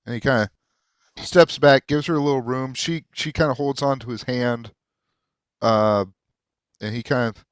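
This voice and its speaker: A man running a tabletop game, narrating in a halting way with lots of fillers. His voice is mid-pitched and the sound is dry and close. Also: smooth, no echo. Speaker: game master.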